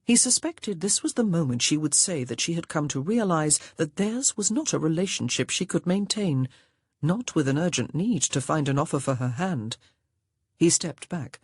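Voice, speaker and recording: Low husky woman narrating a romance. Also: dry recording, studio quality. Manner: measured, expressive storytelling. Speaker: audiobook narrator. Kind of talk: scripted narration of a romance novel.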